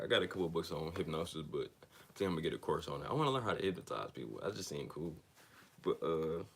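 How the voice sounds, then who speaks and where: A deep-voiced man reads a self-help text aloud. He stumbles and restarts on words, then breaks off into loose, slangy chat before going back to the page. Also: a bit bright. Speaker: reader of a self-help book on a channel. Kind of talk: reading aloud with casual asides.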